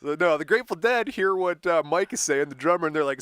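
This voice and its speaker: Animated male podcast storyteller. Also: fairly high pitch, fast talker, dry recording, clean studio sound. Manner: animated storytelling with put-on voices. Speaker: podcast co-host. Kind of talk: casual chat.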